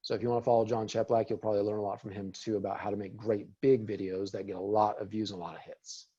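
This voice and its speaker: A real estate team leader hosts a casual video training webinar on using video in business, upbeat and encouraging as he talks to attendees in a chat. His fairly low voice is fast, level and warm, slightly rough, and the recording is muffled.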